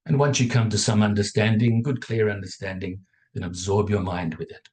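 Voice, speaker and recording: A man leading a guided contemplation lesson as a dharma teacher over a video call, calm and measured, pausing between phrases and checking in with "okay?". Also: lowish voice. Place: home setup on a video call. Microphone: video call mic.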